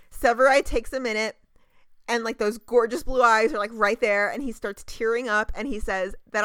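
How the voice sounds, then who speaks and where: A woman co-hosting a podcast, recapping a TV episode in casual chat, gushing and animated with lots of fillers. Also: on the high side, brisk, smooth, no echo. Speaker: podcast co-host.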